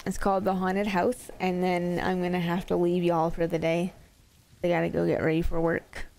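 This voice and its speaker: A woman's voice: on the low side, monotone, moderate pace, creaky, darkish tone, slight background noise. A woman streamer casually reading spooky stories aloud to her chat, playful and laughing easily between stories. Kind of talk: casual storytelling to a live chat.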